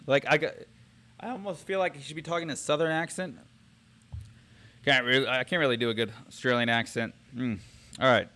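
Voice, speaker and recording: A man's voice: mid-range voice, normal speed, pauses often, a bit bright. A man streaming as he tests AI story tools, chatting casually and thinking aloud with many fillers and restarts. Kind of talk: casual chat.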